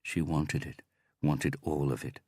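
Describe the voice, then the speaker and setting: A man narrating an audiobook in a measured, even reading. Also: a bass voice, husky, dry recording, studio quality. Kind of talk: scripted narration.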